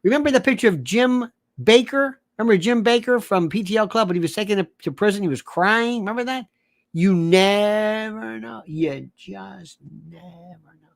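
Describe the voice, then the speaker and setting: A man giving an animated commentary monologue. He rambles, corrects himself and acts out the voices of the people he describes. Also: sits high, moderate pace, vocal fry. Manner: digressive, theatrical, mimics voices, self-correcting.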